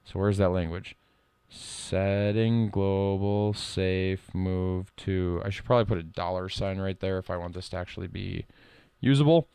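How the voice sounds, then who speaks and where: A middle-aged man streaming live code work, reading lines aloud and thinking out loud in a casual way. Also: sits low, level tone, a little slow, vocal fry, clean tone, no room sound. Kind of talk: casual live-coding commentary.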